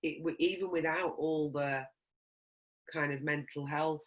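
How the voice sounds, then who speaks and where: A man's voice: on the high side, steady tone, a little slow, fairly bright tone. A man hosting a casual podcast interview, asking long rambling questions between short agreeing replies. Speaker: podcast host. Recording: dull lo-fi sound.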